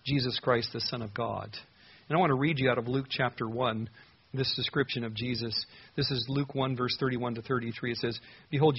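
A man's voice: mid-range voice, breathy edge, highs cut off. A man preaching a sermon, earnestly reading scripture verses aloud and explaining them. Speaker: pastor.

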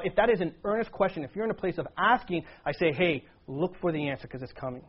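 A man's voice: fairly high pitch, breathy edge. A man preaching a sermon, earnestly reading scripture and acting out quoted lines with a raised voice. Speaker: pastor. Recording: dull lo-fi sound.

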